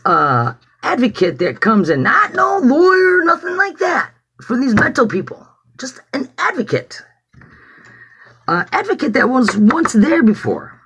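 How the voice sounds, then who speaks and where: A man's voice: high voice, fairly bright tone, husky. A man telling a personal story as testimony in a rambling, casual way, swearing freely. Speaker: activist giving testimony.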